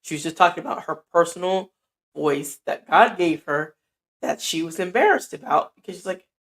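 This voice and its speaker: A middle-aged woman with a deep, soothing, grounded voice, giving a casual motivational talk and acting out both sides of conversations. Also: expressive, moderate pace. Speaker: podcaster. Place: indoor room at night.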